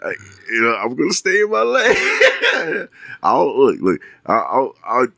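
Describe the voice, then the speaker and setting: A man co-hosting a podcast, telling stories in casual chat, animated, with stammering restarts and frequent laughter. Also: mid-range voice, takes it slowly, creaky, no room sound, clean studio sound. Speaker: podcast co-host.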